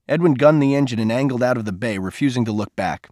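A man narrating a novel as an audiobook, measured and even in his telling. His voice sits at a middle pitch and is recorded dry and close, with no room sound. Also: no echo.

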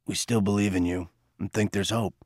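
Man doing a grave low older mentor. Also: steady tone, darkish tone, dry recording, studio quality, lightly acted. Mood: solemn. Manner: slow, grave, probing. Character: stern older male mentor, low and steady.

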